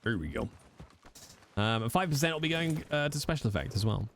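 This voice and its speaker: A man's voice: mid-range voice, big pitch swings, brisk, creaky, slight background noise. A man, chatting casually with viewers on a live stream, jokey and teasing, with the odd swear.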